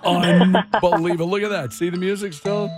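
A man's voice: high-pitched, steady tone, moderate pace. Guy hosting morning radio, jokey banter, music bed going behind him. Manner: joking, quiz-show patter. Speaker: radio show host.

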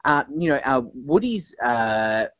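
A man's voice: medium pitch, big pitch swings, slow pace, a bit bright, no room sound, dull audio. An Australian man, an entertainment reporter, telling celebrity gossip as a chatty story. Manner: storytelling, conspiratorial.

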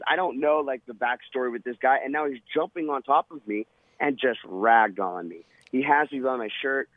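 A man's voice: medium pitch, no echo. A man, a former Navy SEAL, telling a vivid, dramatic story in an interview. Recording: tinny phone-line sound.

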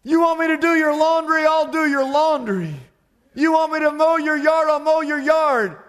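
A man's voice: extremely high pitch, racing, darkish tone, long reverb tail, voice pushed up. A preacher acting out an eager, grateful rescued man. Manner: pleading, eager, repetitive offers.

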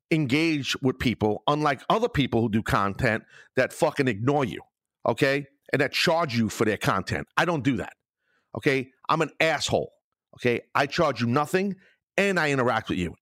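A man's voice: medium pitch, fairly bright tone, dry recording, studio quality. A man hosting his own podcast alone, ranting sarcastically and swearing often, with no music under his voice. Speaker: podcast host. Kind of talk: solo podcast rant. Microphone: studio microphone, no music bed.

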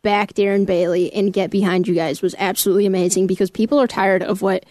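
A young woman from the Chicago suburbs, a guest commentator chatting on a radio talk show, speaking slowly and measuredly with many fillers. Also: mid-range voice, steady tone, darkish tone, no echo.

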